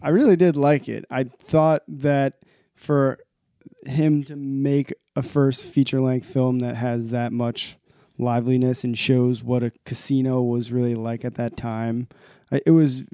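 A man's voice: mid-range voice, little pitch movement, a little slow, mellow, clear, resonant tone, no echo, clean studio sound. A man co-hosting a film podcast in casual chat, laid-back, giving short agreeing replies and laughing easily. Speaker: podcast co-host.

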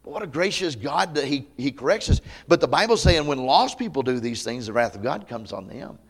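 A man pastor preaching a camp meeting sermon to a congregation, conversational and folksy, with humor and loud emphatic peaks. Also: medium pitch, very animated, a little fast, gravelly, breathy edge. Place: church meeting before a live congregation.

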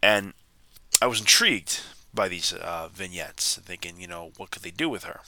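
A man's voice: low-pitched, bright, forceful tone, dry recording. A man hosting a podcast, retelling a wrestling segment in a rambling, exasperated way with frequent restarts. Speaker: podcast host. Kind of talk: casual wrestling recap.

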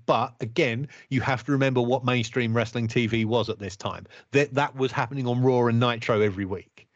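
A man co-hosting a podcast, talking in a wry, critical, measured way as he reviews episodes. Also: mid-range voice, fairly even intonation, dry recording. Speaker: podcast co-host. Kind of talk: casual review chat. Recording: dull, dry podcast audio.

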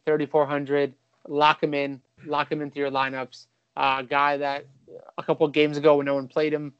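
A man hosting a fantasy basketball podcast, talking casually and quickly with a few restarts. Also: fairly high pitch, a bit bright, clean tone, dry recording, highs cut off. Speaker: podcast host.

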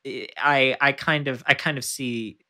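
A male podcast co-host with a strikingly bright tone and a mid-range pitch. He reads a historical account at a steady, measured pace. In conversation he loosens up and leans on many fillers. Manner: measured when reading, loose with fillers when chatting. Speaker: podcast co-host and tour guide. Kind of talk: casual chat and reading aloud from a historical account.

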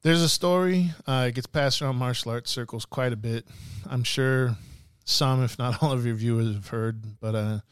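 A man's voice: mid-range voice, normal speed, hardly any pauses, clean tone, no echo, clean studio sound. A man, a podcast guest, musing and retelling a martial arts story in a loose, profane way. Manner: rambling, many fillers and restarts, casual profanity. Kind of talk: casual podcast talk and storytelling.

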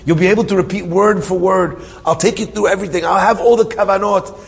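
A man voicing a desperate, devout prisoner who begs urgently in a high, rising voice. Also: lively intonation, racing. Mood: pleading. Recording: reverberant hall with faint ambience.

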